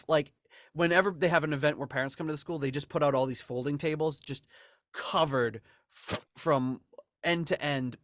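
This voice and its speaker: A man's voice: medium pitch, gravelly, fairly bright tone, no echo. A man hosting a fan podcast, telling a rambling everyday story with plenty of fillers. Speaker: podcast host. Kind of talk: casual chat. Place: home in suburbs.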